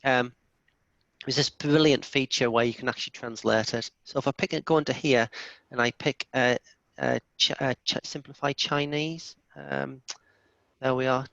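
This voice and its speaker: A man presenting a software demo in a live online session, enthusiastic and chatty, often restarting his sentences. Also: mid-range voice, steady tone, normal speed, creaky, no room sound. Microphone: video call. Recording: dull lo-fi video call audio.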